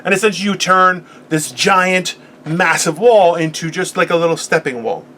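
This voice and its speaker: A man's voice: high-pitched, moderate pace, sharp tone, slight background noise. A man in his forties hosting a podcast, delivering a profane, boisterous comedic motivational rant. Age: 40s. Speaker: podcast host.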